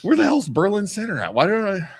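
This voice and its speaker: A man's voice: sits high, fast talker, breathy edge. A man co-hosting a local call-in podcast, bantering casually and laughing often. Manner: animated, laughs often, blurts questions. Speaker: podcast co-host.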